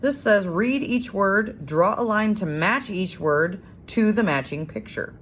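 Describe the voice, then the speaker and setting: A woman teacher recording a homework lesson for young children, sounding out words slowly and praising often. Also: medium pitch, lively intonation, slight background noise. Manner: slow, sing-song sounding out of letters and words; encouraging, praising.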